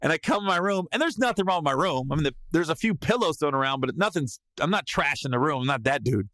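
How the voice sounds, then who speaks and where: A man spinning a comic story as a podcast host, his voice pitched high and swooping all over the place. The tone is bright and forceful, with sudden yelled bits when he acts out a scene. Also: fast talker, no echo. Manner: animated, bursts into loud yelled reenactments. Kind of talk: comedic storytelling.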